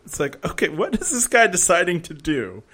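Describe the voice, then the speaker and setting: A man's voice: high-pitched, big pitch swings, a little fast, a bit bright, a little hiss or hum. Rambling, sarcastic man recapping. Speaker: podcast co-host. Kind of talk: casual chat.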